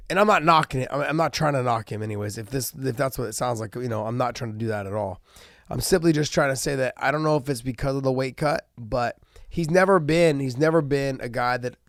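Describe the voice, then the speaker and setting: A man's voice: medium pitch, no room sound, clean studio sound. A man hosting casual fight commentary, talking loosely with many restarts and fillers, jet lagged and tired. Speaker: host of fight analysis show.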